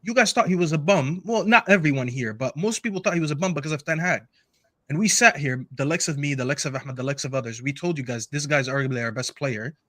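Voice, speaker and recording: A man's voice: a little high, fast talker, fairly bright tone, no room sound. A man arguing football in a casual panel debate, emphatic and repetitive, often cutting in. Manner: emphatic, repeats himself, interrupts.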